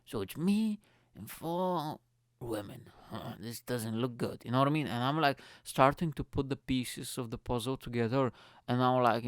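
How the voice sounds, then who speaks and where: A man with a mid-range voice hosts his own podcast, chatting casually through comic stories at normal speed, swearing freely and calling listeners "mate" a lot. His voice is close-miked and dry, with no echo.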